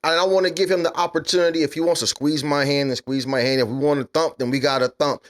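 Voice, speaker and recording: A man's voice: on the high side, steady tone, fast. Blunt, emphatic American man. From USA. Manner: blunt, preachy, swears, grows loud and emphatic. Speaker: podcast co-host. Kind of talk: casual podcast discussion.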